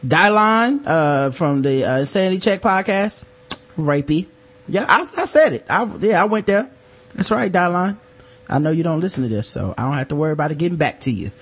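A man's voice: a little high, animated, a little fast, fairly bright tone. A man co-hosting a podcast in casual chat, brash and teasing with provocative jokes. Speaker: podcast co-host.

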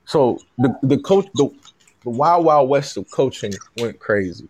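A man in his thirties hosting a podcast, talking sports in a casual, animated and emphatic way, with frequent restarts and stammers. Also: mid-range voice, a little slow, a little hiss or hum. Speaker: podcast host.

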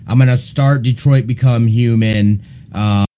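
A man co-hosting a gaming podcast, talking in a relaxed, rambling way with fillers. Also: mid-range voice, measured pace. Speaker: podcast co-host. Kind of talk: casual chat.

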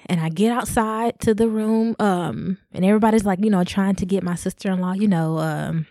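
A young woman hosting a podcast, telling a personal story in a casual, animated way, laughing often and talking straight to her listeners. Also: mid-range voice, fairly quick, no echo, studio quality. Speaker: podcast host.

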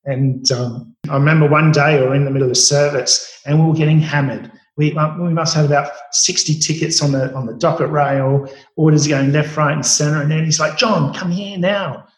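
Middle-aged man, working chef, relaxed rambling storyteller, roomy echoey sound. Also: a little high, fairly quick, few pauses. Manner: relaxed, rambling, many fillers and restarts. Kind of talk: storytelling interview answers. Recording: roomy echo.

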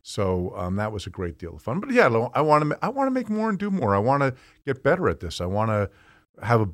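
A man with a New Jersey accent, chatting as a guest in an interview, talking fast and telling stories with animation. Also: medium pitch, wildly swooping pitch, no room sound, studio quality. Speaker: guest author. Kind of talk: casual interview chat.

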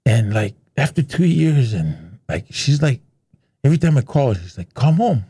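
A middle-aged man from Hawaii speaks, at an average pitch for a man. He tells stories in a loose, animated, laid-back way, as a guest in a casual interview. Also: normal speed, husky. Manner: animated, laid-back storyteller who slips into voices.

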